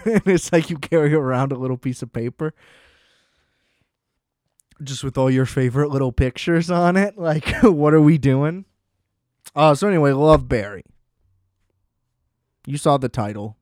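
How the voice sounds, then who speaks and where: A man's voice: mid-range voice, normal speed, a little mellow, clean tone, no echo, clean studio sound. A young man chatting casually on his own, rambling, swearing freely and laughing often. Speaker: solo vlogger. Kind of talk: casual chat.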